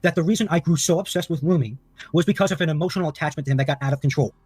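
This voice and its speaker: A man's voice: a little high, racing, a little mellow, faint music behind. A man on a group voice call, heated and defensive, insisting on his honesty. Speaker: caller defending himself.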